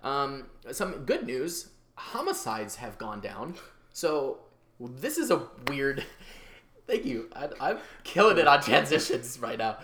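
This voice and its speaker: A man chatting casually as a show co-host, animated and jokey. His voice swings up and down a lot, and it often leaps high in excited bursts. The room sounds echoey around him. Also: slow pace. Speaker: podcast co-host. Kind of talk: casual chat. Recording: echoey room with background noise.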